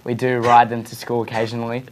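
A man's voice: mid-range voice, completely flat delivery, fast talker, rough recording. A young man from Australia with an Australian accent, greeting the school news audience in a jokey, friendly way. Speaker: exchange student. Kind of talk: casual greeting to camera.

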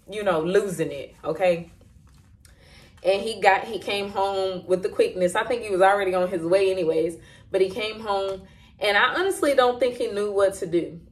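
A woman sharing an emotional personal testimony in a candid, halting way, with many fillers and restarts. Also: on the low side. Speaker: Christian vlogger sharing a testimony.

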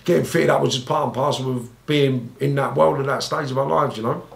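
A man's voice: a little fast, gravelly, reverberant. A man with a London accent, a former gangster telling his life story bluntly and with lots of swearing in an interview. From England. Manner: blunt, sweary, re-enacts scenes in high pleading voices.

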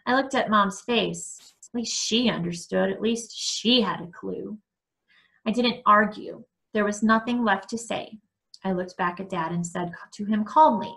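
A woman's voice: medium pitch, normal speed, gravelly, fairly bright tone. A woman reading a children's novel aloud, narrating in the first person and voicing the dialogue. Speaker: reader of a novel.

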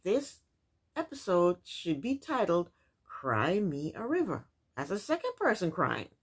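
A woman's voice: fairly low pitch, sing-song, a little slow, husky. A woman casually recapping a reality TV episode, with incredulous, opinionated commentary and rhetorical questions.

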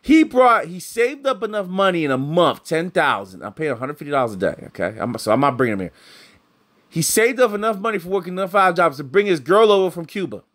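A man's voice: a little high, very animated, quick pace, fairly bright tone. A middle-aged man giving blunt, heated, profane commentary, often repeating himself. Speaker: commentator reacting to clips.

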